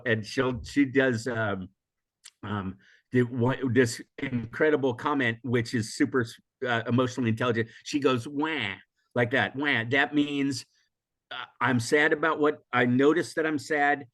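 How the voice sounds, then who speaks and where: An older man from the USA, a guest in an interview, talking in a rambling, reflective way with frequent restarts and laughter, still hoarse from a recent illness. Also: medium pitch, steady tone, normal speed, a bit bright. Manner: rambling, self-correcting, laughs often. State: recovering from illness, coughing. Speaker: interview guest, emotional intelligence teacher. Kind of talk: casual reflective interview talk.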